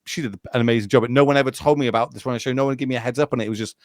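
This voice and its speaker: Fast-talking man, dry sound. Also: mid-range voice, steady tone, no room sound. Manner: rapid, rambling storytelling with swearing. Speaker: podcast guest, Magic tournament caster. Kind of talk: casual podcast chat.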